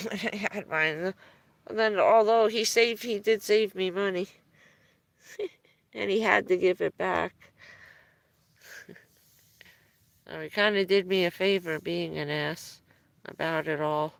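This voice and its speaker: A woman's voice: on the low side, slow pace, vocal fry, pauses often, no echo. A woman chatting casually on a live stream, telling rambling stories and chuckling often between phrases.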